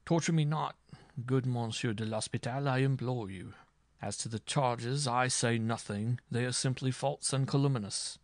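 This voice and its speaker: A man's voice: mid-range voice, lively intonation, a little fast, hardly any pauses, no echo, pitched above the performer's own voice, close to an everyday voice. A man voicing an arrogant, hot-tempered noble marshal on trial, blustering and indignant. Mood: scornful.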